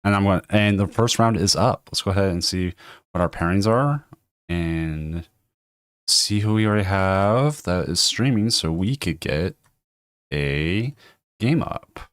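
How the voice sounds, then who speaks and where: A man with a hoarse voice from a cold, hosting a casual tournament livestream and rambling with frequent laughs. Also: low-pitched, lively intonation, a little slow, no room sound, clean studio sound. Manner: rambling, self-interrupting, laughs often. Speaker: tournament stream host.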